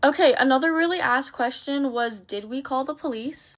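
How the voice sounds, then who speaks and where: A woman's voice: high-pitched, normal speed. A young woman vlogger talking casually through a get-ready-with-me storytime, chatty and upbeat. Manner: chatty, upbeat, lots of fillers.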